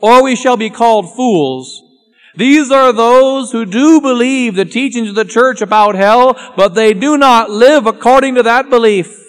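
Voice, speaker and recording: A man preaching a solemn sermon, grave and intense, often dropping to a hushed voice. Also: very high voice, a little slow. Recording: long church reverb with faint music.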